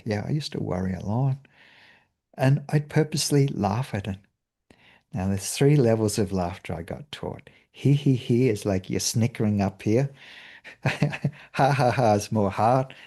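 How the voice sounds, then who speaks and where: A man's voice: lowish voice, dark tone. A man, a meditation teacher giving a cheerful spiritual talk and laughing often.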